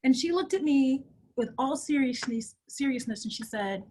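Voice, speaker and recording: A middle-aged woman telling her life story as an interview guest, animated and laughing often. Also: high-pitched, normal speed.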